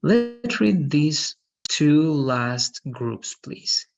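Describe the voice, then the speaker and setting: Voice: mid-range voice, very animated, drawn-out words, vocal fry, lo-fi sound, soft background music. An English teacher running an online lesson, patiently correcting students' pronunciation. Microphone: video call.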